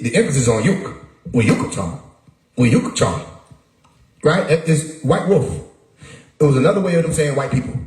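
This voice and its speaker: A man's voice: fairly high pitch, a little mellow. Emphatic man talking in an echoey room. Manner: emphatic, repeats words, rhetorical questions. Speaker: livestream host. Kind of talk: casual livestream monologue.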